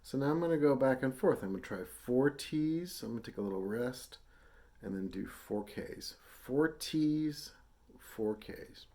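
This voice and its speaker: Warm-toned and expressive, a medium-pitched man teaches brass at a measured pace. He's patient and casual with fillers, and demonstrates tonguing syllables aloud for students to repeat.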